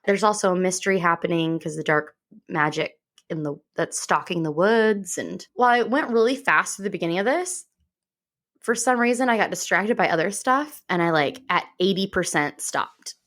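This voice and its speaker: A woman's voice: lowish voice, animated, a bit bright. A woman co-hosting a podcast, chatting casually and eagerly about books she has read. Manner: chatty, enthusiastic, quick to joke. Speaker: podcast co-host. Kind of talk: casual book chat.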